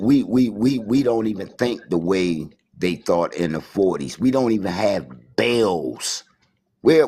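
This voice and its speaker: A man's voice: low-pitched, slightly rough. A man with a Washington, D.C. accent, a caller giving a rambling spiritual monologue over a remote call, preachy and repetitive. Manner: preachy, repetitive, says "you understand" often.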